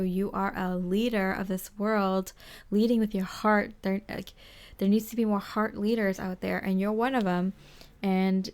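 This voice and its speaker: A woman giving a tarot reading to the viewer, gentle and reassuring, rambling with lots of fillers. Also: mid-range voice, clear, resonant tone. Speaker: tarot reader. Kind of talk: casual spoken tarot reading.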